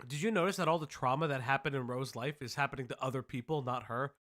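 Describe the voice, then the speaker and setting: A man's voice: medium pitch, fast, fairly bright tone. A man hosting a casual online commentary show, blunt and sarcastic, swearing freely as he reacts.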